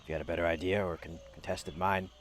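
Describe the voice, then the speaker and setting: A man's voice: sits low, steady tone, fast talker, slight background noise. A man playing a tabletop game, talking through a climbing plan with mild exasperation. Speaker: player.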